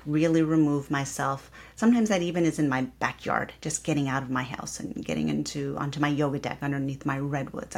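A woman yoga teacher hosting her podcast, guiding listeners through affirmations and repeating each one slowly and calmly. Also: sits low. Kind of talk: guided reflection and affirmations.

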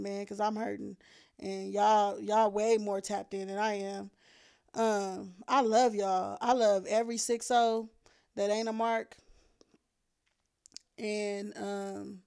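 A woman's voice: on the high side, darkish tone. Heartfelt, slangy woman podcast co-host. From Los Angeles. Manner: heartfelt, candid, slangy, emotional. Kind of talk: casual podcast conversation.

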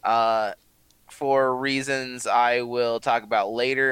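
A man co-hosting a casual podcast, giving his opinions in a measured way. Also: mid-range voice, steady tone, a bit bright, clear, resonant tone, no room sound, rough recording. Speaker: podcast co-host. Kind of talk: casual chat.

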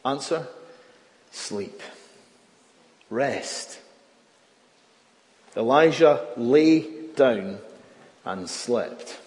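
A man preaching a sermon in a church, earnest, swinging from loud emphasis to near-hushed words. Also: mid-range voice, animated, extremely slow, pauses often. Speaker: pastor. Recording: long reverb of a church hall.

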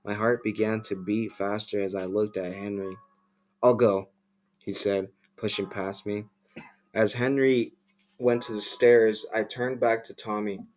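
Male podcast host narrating horror; low, slow, casual asides. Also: little pitch movement, darkish tone, slight background noise. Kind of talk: casual horror story reading.

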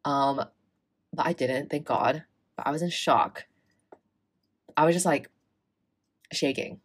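Young woman, low voice, animated casual storyteller, swears, acts out dialogue. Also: takes it slowly, husky. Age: young adult. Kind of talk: casual chat.

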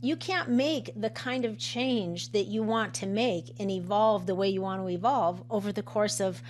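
A woman's voice: medium pitch, normal speed, darkish tone, a little hiss or hum. A woman who works as a coach and nutritionist, talking casually in a conversation, with frequent fillers, restarts and laughs. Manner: chatty, many restarts and fillers, laughs often.

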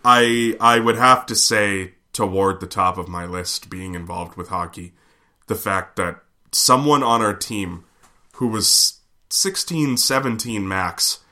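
A man's voice: fairly low pitch, slow. A man from Canada, telling rambling, profane stories on a casual podcast. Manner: animated, profane, rambling with fillers. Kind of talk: casual storytelling.

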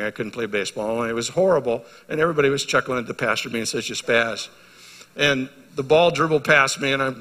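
A middle-aged male pastor preaching a sermon, telling a story and moving from hushed to loud and emphatic. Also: medium pitch. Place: church hall. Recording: reverberant church hall.

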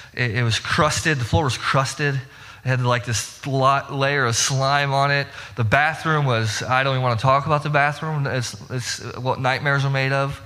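A man's voice: mid-range voice, sharp tone, in a large hall. A young man preaching a sermon, telling a story against himself and building to emphatic rhetorical questions. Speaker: pastor.

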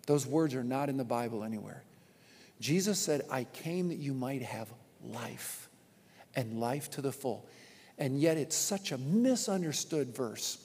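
Emphatic pastor preaching in a reverberant hall. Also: male voice, mid-range voice, unhurried, slightly rough. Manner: animated, emphatic repetition. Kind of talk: sermon. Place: church auditorium with long reverb.

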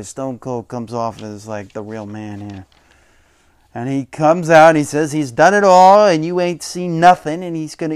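A man hosts a casual wrestling recap podcast, with a slightly raised pitch and a smooth, resonant voice. He rambles with fillers and chuckles, and breaks into animated quotes of the wrestlers. The sound is close and dry, with no room around it. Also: no echo. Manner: chatty, laughs often, quotes wrestlers in animated bursts. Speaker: podcast host.

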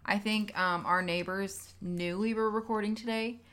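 A woman's voice: mid-range voice, steady tone, normal speed, fairly bright tone. A young woman co-hosting a podcast, chatty and playfully teasing. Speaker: podcast co-host. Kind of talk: casual podcast chat.

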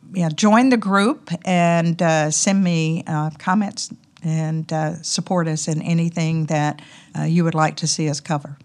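A woman with a Southern US drawl talks as a podcast guest, her voice sitting very low. She chats in an upbeat, easygoing way and scatters ums and uhs through her sentences. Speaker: podcast guest, company executive. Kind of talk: casual interview talk.

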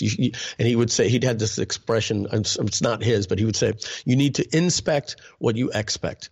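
Middle-aged man, interview guest, mid-pitched voice, rambling restarts, throat clearing. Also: a little mellow, dull audio. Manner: halting, many restarts and frequent throat clearing. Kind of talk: candid conversational storytelling.

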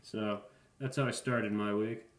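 Deadpan man in his thirties, roomy sound. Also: on the low side, unhurried, a little hiss or hum. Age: 30s. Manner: deadpan, rambling with asides and profanity. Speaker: podcast host. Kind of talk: casual comedic monologue.

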